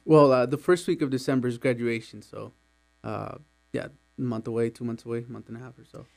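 A man's voice: medium pitch, fairly even intonation, a little fast, vocal fry, darkish tone. Hesitant young man from Mexico. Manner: thoughtful, hesitant with many fillers. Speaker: radio guest, college student. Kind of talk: interview answers. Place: radio studio.

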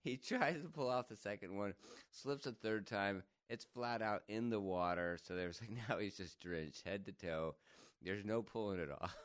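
A man telling a funny story in casual chat, laughing often and jumping higher when he quotes people. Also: moderate pace, no room sound, studio quality. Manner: animated, laughs often, jumps to higher pitch for quoted voices.

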